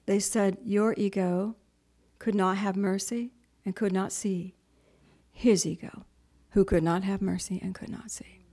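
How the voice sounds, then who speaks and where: A middle-aged woman giving a spiritual talk to a group in a chatty storytelling manner, acting out other people's voices and dropping into soft whispers on key points. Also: mid-range voice. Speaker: spiritual teacher.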